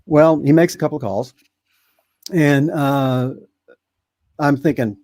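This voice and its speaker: A man in his seventies, a podcast guest telling a long story in a rambling, halting way with many fillers. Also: fairly high pitch, mellow, no room sound. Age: 70s. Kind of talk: casual storytelling.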